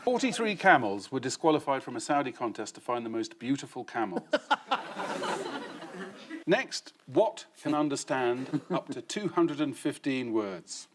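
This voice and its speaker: A man guest-hosting a comedy news quiz in a TV studio, reading questions with dry, deadpan punchlines. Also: medium pitch, a little slow, background noise. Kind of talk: scripted panel-show hosting. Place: TV studio with live audience.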